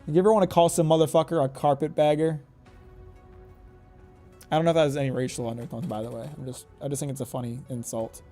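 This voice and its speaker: A man's voice: on the high side, steady tone, fast talker, mellow, faint music behind. A man streaming a game, rambling, joking and swearing as he thinks aloud. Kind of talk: casual live-stream gaming commentary.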